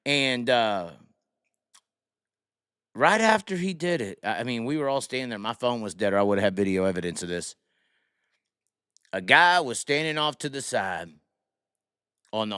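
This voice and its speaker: A man's voice: medium pitch, smooth, no room sound, studio quality. A man hosting a casual live stream, telling a rowdy story with lots of cursing and acted-out voices. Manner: animated, profane, acts out the people in his story. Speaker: podcast host.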